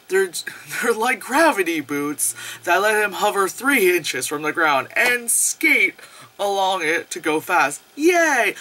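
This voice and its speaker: Animated, sarcastic movie reviewer ranting. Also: medium pitch, a little hiss or hum. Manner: animated, profane, sarcastic, laughs often.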